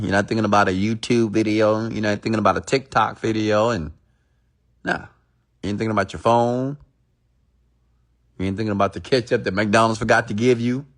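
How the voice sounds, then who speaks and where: Man, motivational speaker, gravelly low voice, emphatic repetitive storytelling.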